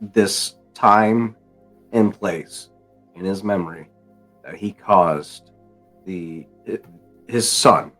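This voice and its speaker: Male player, lowish voice, thoughtful halting delivery, faint music behind. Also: a bit bright, low-quality recording. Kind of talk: tabletop role-play narration.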